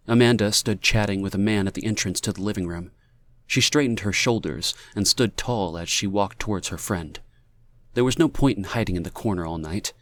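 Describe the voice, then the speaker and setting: A man reading fiction aloud as an audiobook narrator in a measured, even manner. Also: fairly low pitch. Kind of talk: scripted narration.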